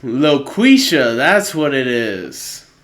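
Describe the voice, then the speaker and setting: A male podcast host in casual chat. He talks slowly and unhurriedly, with an easy, amused manner and a mid-range pitch. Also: lively intonation, fairly bright tone. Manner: laid-back, amused.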